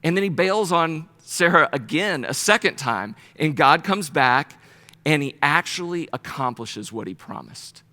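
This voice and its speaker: A man teaching a Bible study in a casual, conversational sermon style, telling the story with animated asides and playful paraphrased voices. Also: a little high, measured pace. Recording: long reverb of a hall.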